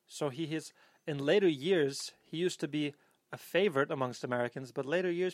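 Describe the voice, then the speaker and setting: A man's voice: on the high side, brisk, no room sound, studio quality. A man hosting a podcast, chatting casually in a playful, teasing way. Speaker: podcast host.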